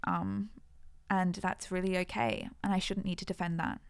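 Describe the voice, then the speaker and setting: A woman's voice: on the low side, flat delivery, normal speed, gravelly, clean tone. A woman co-hosting a podcast, talking in an earnest, reflective way in casual chat. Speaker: podcast co-host.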